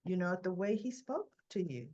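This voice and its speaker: A polite, soft-spoken male waiter with a lowered voice, calm and apologetic, as a woman puts him on. The recording sounds dull and lo-fi. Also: fairly quick.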